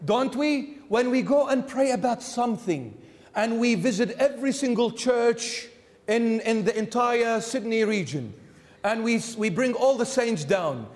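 A bishop preaching a sermon in a church, telling the story animatedly and acting out its characters. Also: male voice, very high-pitched, darkish tone, long reverb tail.

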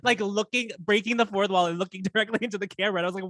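A man's voice: high voice, fairly even intonation, racing, bright, forceful tone, no room sound, clean studio sound. A man co-hosting a podcast in casual chat, wry and chatty. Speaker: podcast co-host.

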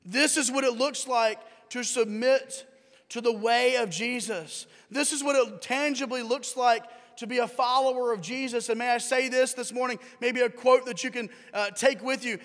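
A man with a high, light voice preaches a sermon to his congregation, talking conversationally, tossing questions to the room and repeating his key lines. His voice rings out with the long reverb of a large church hall. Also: steady tone, normal speed, fairly bright tone. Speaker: pastor. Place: church sanctuary.

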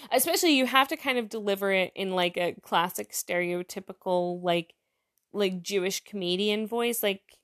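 Woman reading jokes off a forum, chatty, kinda rambly, normal pitch. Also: normal speed. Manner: chatty, reads jokes aloud and comments on them. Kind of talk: casual joke telling.

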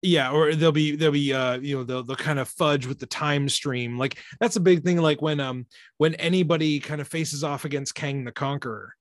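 A man with a somewhat high voice, chatting about a film with friends. He thinks out loud and poses questions to the group. The recording is close and dry. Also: fairly even intonation, a little fast, no echo. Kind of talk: casual movie watch-along chat.

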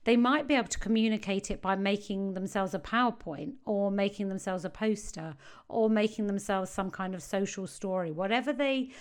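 A woman's voice: mid-range voice, a little fast, clear, resonant tone. A woman, a parenting coach giving earnest advice to parents and stressing key phrases.

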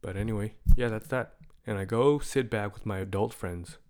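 A man telling a comic story in a casual, profane and animated way. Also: normal speed. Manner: profane and animated, with big swings in loudness and pitch.

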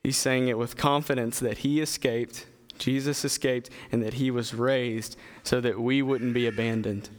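A man's voice: medium pitch, fairly even intonation. Earnest male preacher in a reverberant hall. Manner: earnest, halting, with fillers and restarts. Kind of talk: sermon with scripture reading.

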